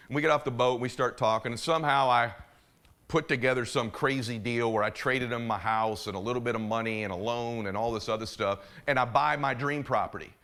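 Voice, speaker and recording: A middle-aged man giving a motivational keynote, telling a story with animated delivery and acting out the other people in it. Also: medium pitch, fast talker. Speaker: motivational speaker.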